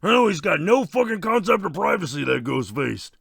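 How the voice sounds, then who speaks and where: A man playing a crude, excitable masked slasher killer who rambles and swears in irritable rants during a comedy Q&A. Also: high-pitched, a little fast, vocal fry, breathy edge, no echo, studio quality, full character voice. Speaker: stream host in character. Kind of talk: in-character comedy Q&A.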